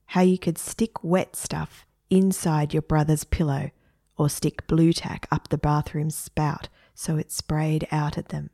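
A woman narrating a children's story expressively, dropping to hushed asides. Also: low voice, slightly rough, dry recording, clean studio sound.

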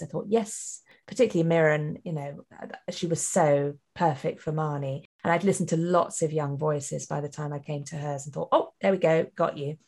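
A woman's voice: deep voice, a little mellow. A woman audio drama director chatting in an interview, laughing often and restarting her sentences. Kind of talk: casual interview chat.

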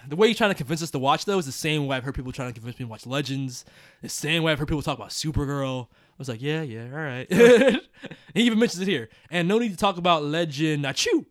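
A man's voice: a little high, expressive, fast, no room sound, clean studio sound. A man hosting a casual podcast, reading listener emails aloud with joking asides and frequent laughter.

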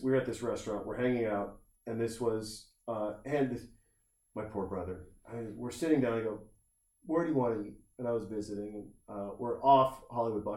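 A man in casual conversation spins an animated story, slipping into quick voices for the people he describes and cursing as he goes. His voice sits at a middle pitch. The sound is roomy, with a noticeable echo around him. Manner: animated anecdote telling with quoted voices and swearing.

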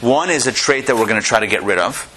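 Rabbi guy teaching a class live, bright punchy voice, chatty with lots of restarts, bit of hiss. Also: mid-range voice, expressive, quick pace. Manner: conversational, repeats and restarts, tells jokes.

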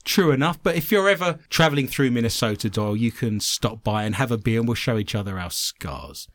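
A man's voice: mid-range voice, lively intonation, fairly quick, no echo. A man hosting a comedic podcast, trading jokes with co-hosts and reading listener mail with dry teasing humor. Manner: dry teasing humor, reads letters aloud. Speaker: podcast host.

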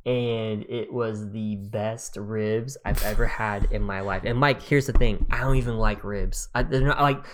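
Over a noisy background, a man in his thirties co-hosting a podcast speaks with a fairly low, steady voice, a little slowly and with few pauses. He rambles through stories casually, using many fillers and laughing a lot.

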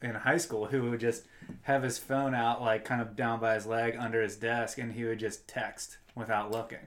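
A man's voice: mid-range voice, little pitch movement, normal speed, fairly bright tone, slight background noise. A man co-hosting a casual podcast, easygoing and laughing along with dry remarks. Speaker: podcast co-host.

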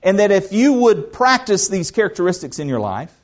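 A man's voice: high-pitched, sing-song, a little fast. A male pastor preaching a sermon in a church, folksy and joking, often restarting his words. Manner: folksy, joking asides, repeats words when starting.

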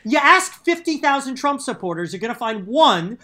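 A man's voice: extremely high pitch, big pitch swings, moderate pace, pushed and bright. A man co-hosting a podcast in casual chat, arguing emphatically and joking. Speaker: podcast co-host, trivia show host.

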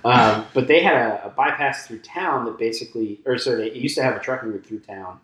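A man's voice: medium pitch, brisk, a crowd in the background. A man who grew up in England, a podcast co-host and reporter, telling stories in a casual chat with eager, self-deprecating enthusiasm. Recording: echoey room.

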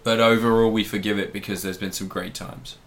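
A man casually chatting as a podcast co-host, excitable and rambling, reviewing TV shows. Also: on the low side, a little fast, a little hiss or hum.

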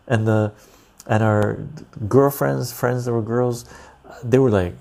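A man's voice: mid-range voice, unhurried, vocal fry, mellow. A man hosting a casual livestream, reading chat aloud and rambling loosely. He sounds tired and laughs easily.

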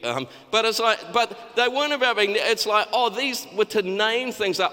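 A man's voice: high-pitched, animated, moderate pace, hardly any pauses, pushed and bright. A man preaching a sermon in a loose, conversational way, with frequent restarts and acted-out quotes. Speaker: pastor. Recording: long hall reverb.

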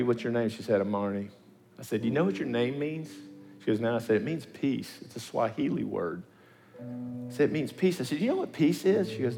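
A man preaching a sermon and telling stories, acting out the people he quotes with sudden high-pitched voices. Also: in a large hall. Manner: animated storyteller, acting out quotes in pitch leaps. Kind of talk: sermon with storytelling.

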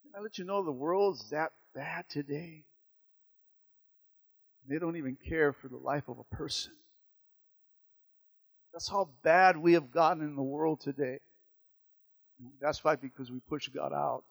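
A man preaching a sermon, moving from quiet, low passages to loud, emphatic repetitions. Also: unhurried, gravelly, long pauses.

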